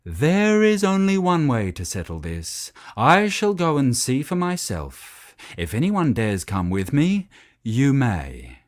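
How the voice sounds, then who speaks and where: A man voicing a wise, stern old female cow in a children's storybook, speaking in a measured way. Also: medium pitch, wildly swooping pitch, dry recording, studio quality. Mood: commanding. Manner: measured and commanding.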